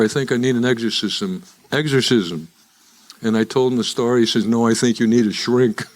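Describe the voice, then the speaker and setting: Joking older man telling his story. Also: fairly low pitch. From Chicago. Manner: wry, joking storyteller who chuckles at his own punchlines. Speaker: guest speaker at a recovery meeting. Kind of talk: live storytelling talk to an audience.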